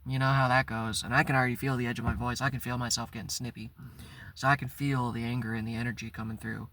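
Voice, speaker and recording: A man's voice: medium pitch, level tone, fast talker, sharp tone. A man hosting his own channel, telling a personal story in a candid, blunt way and swearing freely. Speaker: channel host. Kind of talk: casual vlog storytelling.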